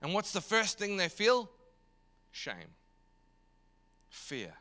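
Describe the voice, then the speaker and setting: A man teaching in a sermon style, emphatic and animated, slipping into voices for the figures he quotes. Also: high voice, slow pace, pauses often. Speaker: pastor. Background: speaking from home.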